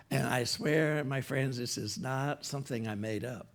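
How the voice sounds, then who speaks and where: A man's voice: mid-range voice, slow, creaky, fairly bright tone. A man, a pastor, telling a story during a sermon in a conversational way. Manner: conversational, retells a story with quoted dialogue. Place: church platform.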